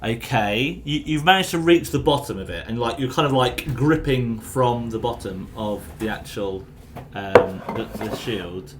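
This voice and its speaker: A man's voice: mid-range voice, unhurried, background noise. A man running a tabletop game, chatty and apologetic, full of fillers. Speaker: game master.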